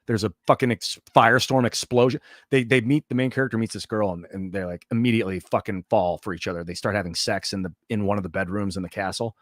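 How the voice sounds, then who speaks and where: Low-voiced man rambling casually. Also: fairly even intonation, fast, no echo, studio quality. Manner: loose and profane, full of restarts and "like". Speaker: livestream host.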